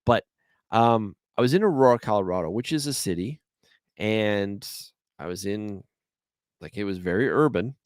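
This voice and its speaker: A Canadian-accented man with a lowish voice hosts a solo podcast, rambling through his stories in easy conversation. The sound is dry and close, with no room around him. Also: lively intonation, normal speed, no room sound. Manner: chatty, rambling storyteller. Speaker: podcast host.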